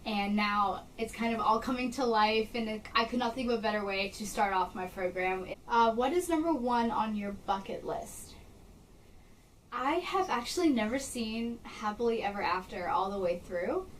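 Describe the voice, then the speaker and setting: A young woman in her bedroom chatting excitedly to camera for her vlog channel. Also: on the high side, moderate pace, distant mic, a little hiss or hum, low-quality recording. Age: young adult. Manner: bubbly, excited, gushing. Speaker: vlogger. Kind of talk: casual chat to camera.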